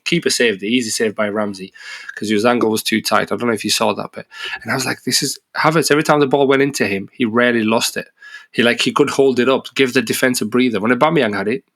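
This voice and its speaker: A man's voice: medium pitch, gravelly, a bit bright. A man co-hosting a sports podcast, talking in a blunt, sweary, banter-heavy way. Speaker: podcast co-host. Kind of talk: casual sports chat.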